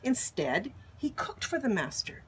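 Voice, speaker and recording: Older woman, expressive storybook reader, lively high-leaning voice. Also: a little slow, a little hiss or hum, rough recording. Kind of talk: reading a children's picture book aloud.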